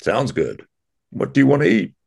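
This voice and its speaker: A performer voicing a puppet elephant with a dry, deadpan manner in a children's show. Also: medium pitch, normal speed, creaky, breathy edge, exaggerated voice. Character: slow, gravelly puppet elephant.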